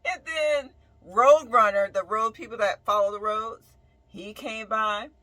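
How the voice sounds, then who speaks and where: Animated woman telling a bright, dry story. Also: mid-range voice, a little slow, dry recording, rough recording. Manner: animated, emphatic storytelling with frequent "right?" asides; dramatic swings between loud outbursts and quiet mutters. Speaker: nurse and bus-dwelling vlogger. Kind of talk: casual storytime vlog.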